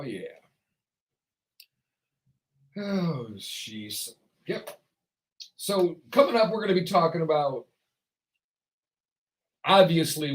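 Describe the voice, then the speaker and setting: Male talk host, high voice, sarcastic, rants on air. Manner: sarcastic, ranting. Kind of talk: solo talk show commentary.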